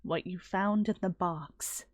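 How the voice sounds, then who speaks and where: A woman voicing a cool, guarded teenage girl detective, speaking low, quiet and measured. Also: fairly even intonation, no echo. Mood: calm, grave. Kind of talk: dramatic reading of game dialogue.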